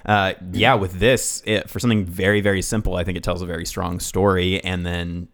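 A man's voice: deep voice, level tone, brisk, fairly bright tone. A man co-hosting a casual podcast, reading film facts and riffing on them with loose, rambling asides. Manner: rambling, reads facts then riffs, swears. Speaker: podcast co-host.

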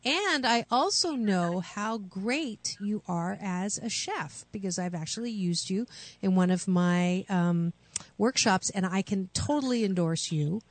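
A woman hosting a radio call-in show, coaching callers with slow, soothing affirmations. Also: medium pitch, animated, dry recording. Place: radio studio.

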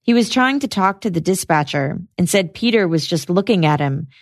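A woman hosting a podcast, giving a measured, scripted narration of a trial's testimony. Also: on the low side, lively intonation, no echo, clean studio sound. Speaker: podcast host. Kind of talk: scripted true-crime narration.

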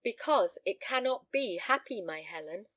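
A woman's voice: mid-range voice, lively intonation, normal speed, fairly bright tone, no room sound. A woman voicing a grave, anxious elderly father, speaking solemnly and earnestly.

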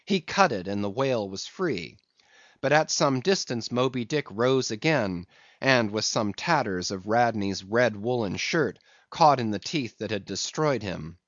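A man's voice: lowish voice, animated, a little slow, a bit bright, no room sound, dull audio. Man reading a classic novel aloud. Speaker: audiobook reader. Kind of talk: scripted narration.

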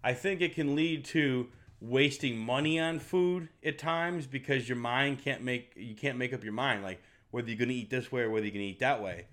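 A middle-aged man sounding off in a blunt, heated vlog rant, cursing through nearly every sentence. His voice sits at an ordinary middle pitch for a man. He talks plainly and forcefully. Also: moderate pace, hardly any pauses. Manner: blunt, heated, swears constantly. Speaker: fitness vlogger. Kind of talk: profane rant to camera.

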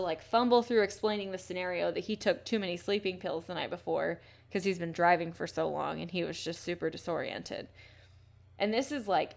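A woman's voice: lowish voice, gravelly. A woman casually retelling a true-crime case as a podcast host, blunt and swearing freely. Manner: blunt and swears often, reads quotes aloud.

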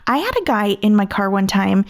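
Animated woman telling a story on a podcast. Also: medium pitch, brisk, over a noisy crowd. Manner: animated storyteller, acts out quotes, laughs a lot. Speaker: podcast co-host. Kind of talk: casual chat.

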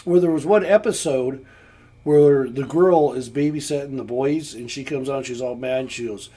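A man's voice: mid-range voice, normal speed, dark tone. A man co-hosting a podcast in casual chat, telling rambling stories. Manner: rambling storyteller.

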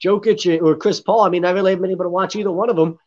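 A man with a slightly higher voice talks sports in a loose, rambling way, padding his points with fillers and blunt asides. The sound is dull and lo-fi. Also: steady tone, very fast, a little mellow. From Florida. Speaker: sports podcast co-host. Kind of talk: casual sports chat.

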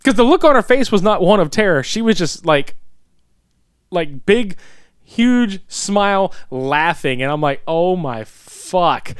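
A man's voice: high voice, sing-song, measured pace, clear, resonant tone, no echo, clean studio sound. A man casually recapping a bad movie, exasperated, swearing and groaning a lot. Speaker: co-host reviewing a film.

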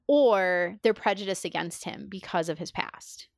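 A woman's voice: medium pitch, unhurried, gravelly, dry recording, clean studio sound. A woman in casual podcast chat, talking enthusiastically with lots of fillers and acting out quoted lines. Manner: enthusiastic, filler-heavy, acts out quoted dialogue.

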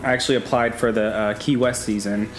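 A man's voice: medium pitch, steady tone, fast talker. Man, thirties, podcast guest, candid, swears, laughs a lot, faint background music. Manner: candid, profane, laughs often. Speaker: podcast guest, former reality show contestant. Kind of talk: casual chat.

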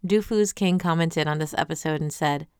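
A woman's voice: low-pitched, normal speed, clear, resonant tone, no room sound, studio quality. A woman hosting a webtoon recap. She talks casually and animatedly, reads viewer comments aloud and asks a lot of questions.

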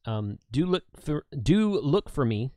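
A man hosting a livestream, talking casually in a relaxed way and laughing often. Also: medium pitch, a little slow, no room sound, clean studio sound. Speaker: livestream host.

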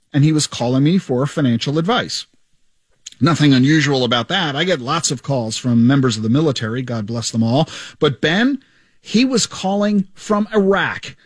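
Male radio host, high pitch, dry close studio sound, joking storyteller. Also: husky, no echo. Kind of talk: radio show retrospective monologue. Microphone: studio microphone.

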